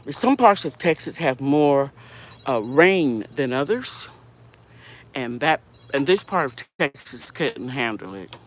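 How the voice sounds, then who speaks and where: A woman's voice: a bass voice, sing-song, takes it slowly. A middle-aged woman hosting a casual garden tour vlog outdoors, talking in a chatty, rambling way and correcting herself as she goes, recorded on a handheld phone. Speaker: home gardener and channel host.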